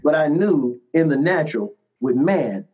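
Animated storytelling man, slightly high voice. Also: unhurried, lo-fi sound. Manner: animated anecdotes with frequent laughs and repeated "man" and "right?". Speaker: musician guest. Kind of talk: casual storytelling interview.

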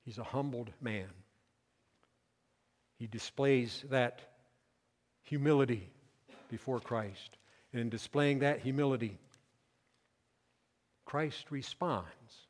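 A male pastor preaching a sermon, swinging between loud emphatic declarations and quiet asides. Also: medium pitch, slow, pauses often, in a large hall.

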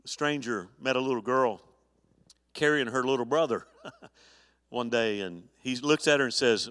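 Middle-aged pastor preaching in a reverberant church. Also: male voice, mid-range voice, moderate pace, a bit bright, clean tone. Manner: earnest preaching with many restarts. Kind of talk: sermon. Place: church sanctuary.

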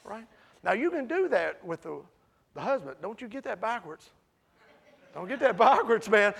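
A man teaching a Bible study in a lively preaching style. He talks to the group directly, calls them "man", and swings from loud to hushed. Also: high-pitched, normal speed, gravelly, slightly rough.

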